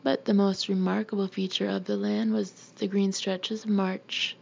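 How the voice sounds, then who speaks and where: A woman reading a novel aloud in a plain, unhurried way, on a dull lo-fi recording. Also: mid-range voice, little pitch movement, gravelly, darkish tone. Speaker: audiobook reader.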